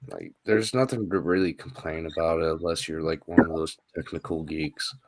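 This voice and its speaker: A man's voice: rumbling low, steady tone, moderate pace, no echo. A man co-hosting a live podcast, chatting casually with dry joking asides. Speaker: podcast co-host. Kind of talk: casual chat.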